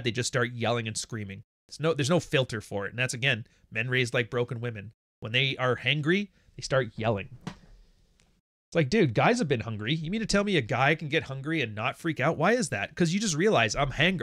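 A man hosting a livestream, talking in a blunt, profane, animated way and telling stories to his audience. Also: mid-range voice, no echo, clean studio sound. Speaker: livestream host. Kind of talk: casual livestream monologue.

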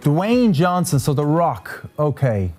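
A man's voice: on the high side, very animated, slow pace, a little mellow, faint music behind. A man hosting a casual live stream, chatting with guests and addressing the chat in a self-deprecating way. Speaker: host.

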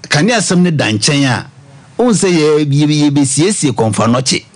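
A man's voice: on the high side, expressive, moderate pace. A man with a Ghanaian accent, a radio studio guest arguing a political point. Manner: argumentative, mixing English and local phrases. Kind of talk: political discussion.

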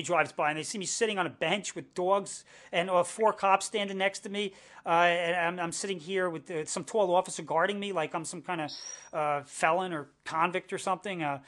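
A man's voice: sits high, fairly bright tone. A middle-aged American man telling his own story, earnest and indignant, stumbling through many restarts and fillers. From United States. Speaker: interviewee. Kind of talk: personal testimony to camera.

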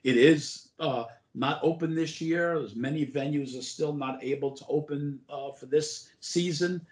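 An older man, formerly a borough president, tells rambling anecdotes as a guest in a casual interview, full of "uh" and restarts. His voice is a little high and mellow, he speaks a bit slowly, and the room gives off an echo.

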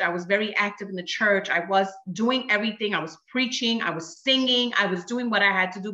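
A woman in her thirties, a guest sharing her testimony, tells an emotional personal story with lively energy, acting out each exchange in quoted voices. Her mid-range voice is bright and forceful, while the recording sounds dull and roomy with a noticeable echo.

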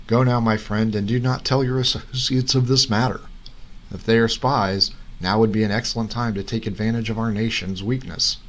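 A man playing a booming, scolding king. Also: fairly even intonation, moderate pace, fairly bright tone, natural voice, poor audio. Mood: stern. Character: angry, exasperated male king. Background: music.

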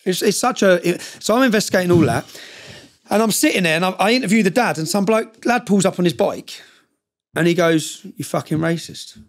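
A man's voice: high-pitched, brisk. A man, a podcast guest telling a long story in casual conversation, emphatic and fond of tag questions like "yeah?".

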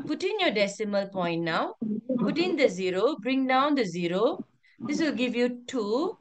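Woman teacher, online class on a video call, firm and repetitive, slightly high voice. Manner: firm, repeats instructions, calls on pupils by name. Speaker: primary school teacher.

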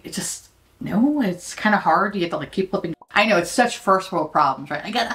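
Brash, lively-voiced woman vlogger. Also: mid-range voice. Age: late 30s. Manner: brash, profane, self-mocking, laughs often. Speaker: beauty vlogger. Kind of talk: casual chat.

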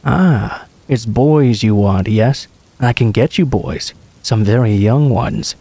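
A man voicing a sinister male stranger in a bar who speaks in a very low, hushed voice. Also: slow pace, husky. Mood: menacing.

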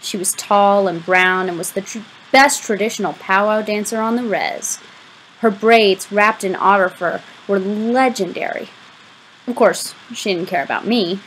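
A woman reading a novel aloud as an audiobook, giving the first-person narration a lively, expressive delivery. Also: medium pitch, a little slow, a little hiss or hum, low-quality recording. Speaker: audiobook reader.

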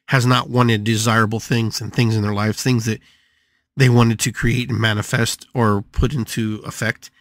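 An older man hosting a live podcast, talking through a monologue in an animated way, repeating phrases and swinging his pitch widely. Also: no room sound. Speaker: podcast host and shamanic healer.

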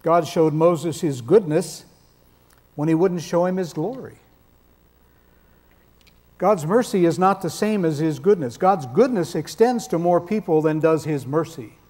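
Mellow-voiced man preaching with dry humor. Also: on the high side, a little slow. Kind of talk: sermon.

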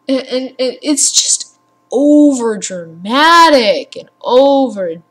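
A woman's voice: high voice, slow. A young woman rambling casually as a gaming vlogger at her home computer, sarcastic and prone to swearing and ranting. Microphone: computer mic with headphones.

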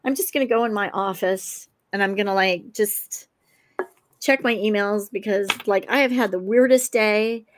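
A woman's voice: mid-range voice, normal speed, background noise. A woman in her sixties from Iowa, a talk-show guest who tells her story animatedly, acting out dialogue and laughing often. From Iowa, USA. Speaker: guest, author and crime investigator.

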